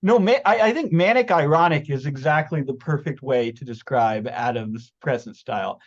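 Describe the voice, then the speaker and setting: A man hosting a reading event, gushing excitedly and stumbling over his words, swearing freely. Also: mid-range voice, normal speed, dull audio. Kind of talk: casual enthusiastic chat.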